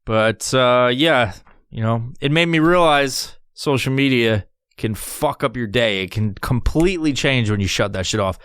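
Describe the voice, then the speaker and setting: A man hosting a solo podcast, rambling through a story with constant swearing and lively mimicry. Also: mid-range voice, unhurried, clear, resonant tone, dry recording, studio quality. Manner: profane, rambling, animated storytelling. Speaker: podcast host.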